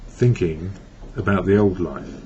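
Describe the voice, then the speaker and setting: A man's voice: deep voice, measured pace, darkish tone. A man from England giving a reflective personal monologue about recovery, rambling and correcting himself as he goes. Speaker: recovery blogger. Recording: dull lo-fi with faint hiss.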